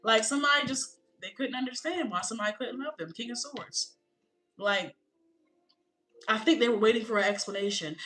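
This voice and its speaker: A woman doing a tarot reading in a casual, animated way, talking in blunt slang and throwing out rhetorical questions. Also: on the high side, brisk, low-quality recording. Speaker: tarot reader.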